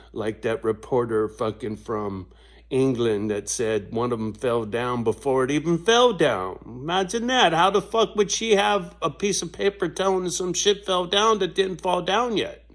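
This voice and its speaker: A man ranting in a casual vlog monologue, swearing constantly and laughing between his points, with sudden high-pitched outbursts. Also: expressive, a bit bright. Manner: slow, drawn-out delivery with big pitch swings. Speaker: vlogger.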